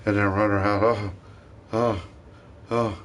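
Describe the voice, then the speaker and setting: A man's voice: on the low side, level tone, slow pace, a little hiss or hum. A man talking alone in a rambling vlog monologue, swearing often and drifting between thoughts. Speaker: vlogger.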